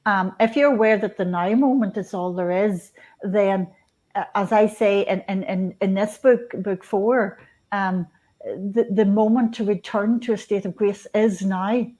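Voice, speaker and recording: Woman guest, soft mellow tone, slow reflective spiritual musing, lots of restarts. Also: mid-range voice. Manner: unhurried, many restarts and fillers. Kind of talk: reflective spiritual talk on radio.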